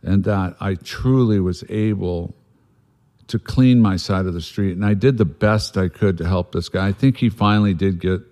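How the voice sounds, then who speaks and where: Man, very low voice, blunt, swears freely, rambling but earnest storyteller. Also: normal speed, dark tone. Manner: earnest and reflective about making amends. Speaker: guest sharing a recovery story. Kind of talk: candid conversational storytelling.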